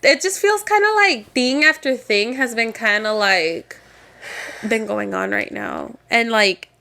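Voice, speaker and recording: A young woman co-hosting a relaxed podcast while stuffed up with a cold. Her voice is bright and a little high. She laughs a lot, curses freely and drops into Spanish mid-sentence. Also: unhurried, vocal fry. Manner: laughs often, swears, slips into Spanish. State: congested from a cold. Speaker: podcast co-host. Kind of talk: casual chat.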